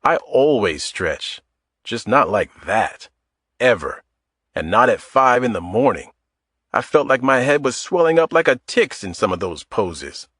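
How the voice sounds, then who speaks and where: A man's voice: medium pitch, big pitch swings, measured pace, fairly bright tone, slightly rough, no room sound, studio quality, heavily acted. A man voicing a wry, self-deprecating man in his mid-forties in an audiobook. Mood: joking. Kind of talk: audiobook character voice.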